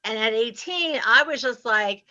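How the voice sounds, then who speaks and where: A woman's voice: a little high, a little slow. A woman, animatedly telling stories as an interview guest and laughing often. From Ohio, US Midwest. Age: 60s. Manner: animated, laughs often, acts out her past self. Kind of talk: casual storytelling interview. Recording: slightly muffled lo-fi audio.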